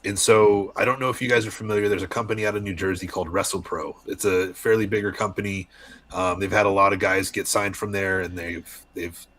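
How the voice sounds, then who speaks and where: Young guy from arizona, low voice but bright and punchy, wrestler on a podcast telling stories. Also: brisk. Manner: candid storyteller, animated voices in anecdotes. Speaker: wrestler guest. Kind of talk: casual podcast interview.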